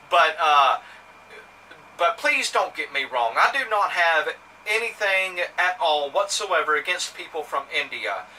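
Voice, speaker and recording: Mississippi man, southern accent, vlogging, rambling and indignant, very bright tone, a little off-mic. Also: on the high side, sing-song, slow pace. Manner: indignant, rambling with fillers and restarts. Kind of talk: casual storytelling to camera. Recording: somewhat distant mic with faint ambient noise.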